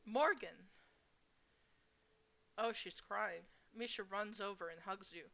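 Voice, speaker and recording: Slow, bright-voiced woman reading a game. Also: medium pitch, creaky. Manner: reads slowly, with crude asides. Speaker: gamer. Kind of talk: reading a visual novel aloud.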